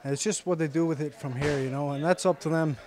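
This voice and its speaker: A young man with a slight Irish-tinged accent, speaking English as a second language, answering interview questions softly with many pauses and fillers in a gym. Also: on the high side, fairly even intonation, soft background music. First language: Icelandic. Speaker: interviewed fighter. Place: sports gym.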